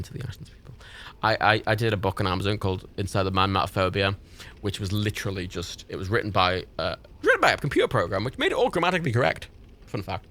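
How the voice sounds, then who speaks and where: A man rambling through a casual livestream chat, full of swearing and laughter. His voice leaps wildly in pitch and has a gravelly texture. It also carries a bright, tense edge.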